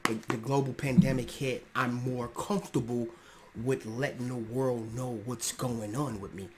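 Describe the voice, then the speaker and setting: A young man hosting his own podcast, speaking in a personal, earnest monologue that swells into emphatic outbursts, casual and slangy, often clearing his throat. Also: mid-range voice, steady tone, normal speed, heavy background noise. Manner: casual slangy speech with restarts. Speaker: podcast host. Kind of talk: personal monologue on mental health.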